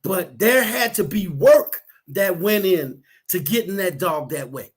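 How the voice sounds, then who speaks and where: A man's voice: high voice, a little slow, husky. A man who works as a counselor, chatting on a talk show and telling stories with acted-out quotes. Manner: animated storyteller acting out quotes. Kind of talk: casual talk show chat.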